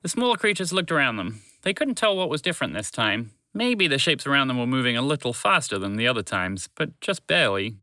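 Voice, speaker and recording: Expressive man telling a children's story. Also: mid-range voice, brisk, few pauses, dry recording. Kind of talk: children's bedtime story narration.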